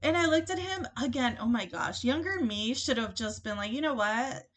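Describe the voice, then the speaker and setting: A woman hosting a podcast, telling a dating story in a chatty, animated way, acting out both sides of the conversation and laughing often. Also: a little high, normal speed. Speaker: podcast host. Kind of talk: casual storytelling monologue.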